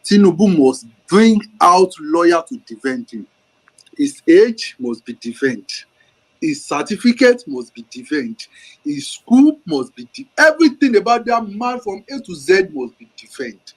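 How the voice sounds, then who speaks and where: A man's voice: high-pitched, sing-song, a little slow, breathy edge, low-quality recording. A man from Nigeria speaking in an online audio discussion, rhetorical and indignant. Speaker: caller in an online audio room. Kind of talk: political speech.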